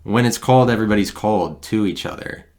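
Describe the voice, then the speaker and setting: A man's voice: lowish voice, a little fast, a little mellow. A man holds forth alone into a handheld recorder. His talk wanders and turns sarcastic, and he keeps restarting his thoughts as he goes. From Midwestern United States. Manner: digressive, sarcastic, restarts often. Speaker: podcast host. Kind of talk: rambling solo podcast monologue.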